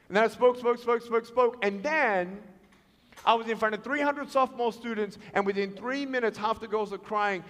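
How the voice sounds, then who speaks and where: A man with a notably high voice tells a story to students, bouncing between characters and acting out each line of dialogue. He speaks as a motivational speaker in a large school hall, and his voice carries a long echoing reverb. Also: a little fast. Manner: animated, acts out dialogue in voices.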